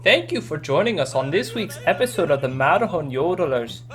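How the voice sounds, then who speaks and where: A man's voice: a little high, sing-song, a little fast. A man giving a formal theme park ride safety announcement as a podcast outro. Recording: recorded outro with music behind.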